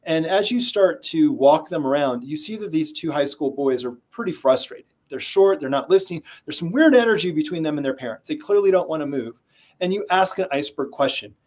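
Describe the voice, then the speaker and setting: Interviewed as a sales trainer, this man talks a little fast at a fairly high pitch. He's a lively storyteller who performs the voices of those he quotes in a conversational way.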